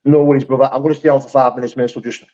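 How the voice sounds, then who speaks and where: A man rattles along at a quick clip, hosting a live chat. He is heartfelt and sweary and often restarts his sentences. The stream audio is dull and lo-fi. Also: mid-range voice, flat delivery, dark tone.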